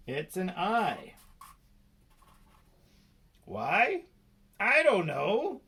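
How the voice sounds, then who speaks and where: Male phonics teacher, slightly high, slow and playful with kids. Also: fairly bright tone. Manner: slow, playful, sounding out letters. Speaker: spelling teacher. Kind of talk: children's phonics lesson.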